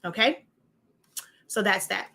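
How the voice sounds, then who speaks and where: A crafting instructor gives a casual show-and-tell tutorial, chatty and rambling, full of fillers and asides. Her voice is medium in pitch, slow, creaky, and sharp in tone.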